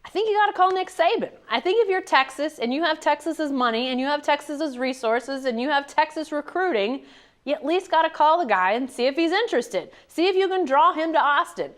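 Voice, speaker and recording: A woman's voice: high-pitched, animated, brisk, a bit bright. Woman co-host reading listener mail. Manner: conversational, reads listener questions. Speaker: sports talk co-host. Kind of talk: casual sports talk.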